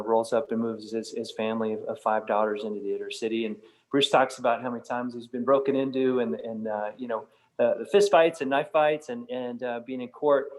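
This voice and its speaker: A man's voice: mid-range voice, a little mellow, low-quality recording. A middle-aged man giving a casual, conversational talk to a church fellowship group, with many fillers and restarts. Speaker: guest speaker from a nonprofit campus.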